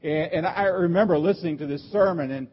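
A pastor delivering a sermon, earnest and emphatic, with repeated rhetorical questions. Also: male voice, fairly high pitch, brisk, dull audio, slight background noise.

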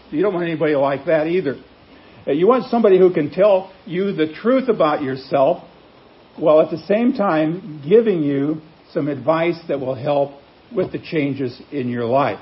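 A man preaching a sermon as pastor, in a conversational way, acting out quoted speech and often pausing on "uh". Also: fairly high pitch, muffled recording. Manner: conversational preaching, acts out quotes, many "uh" fillers.

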